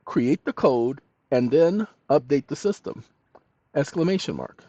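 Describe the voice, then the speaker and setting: A man's voice: a little high, expressive, unhurried, mellow, no echo. A man hosting a tutorial, dictating prompts aloud with spoken punctuation between loose, chatty asides. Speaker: channel host. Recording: dull lo-fi recording.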